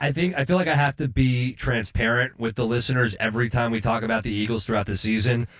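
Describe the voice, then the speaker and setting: A man's voice: medium pitch, fairly bright tone. A man co-hosting a sports betting podcast, chatting casually in a rambling, self-deprecating way with frequent restarts.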